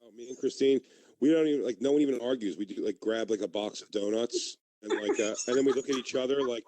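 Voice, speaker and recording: A man's voice: medium pitch, quick pace, dark tone, no echo. Rambling male radio host, dry sound. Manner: rambling storyteller. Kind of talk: casual radio chat. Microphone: studio mic.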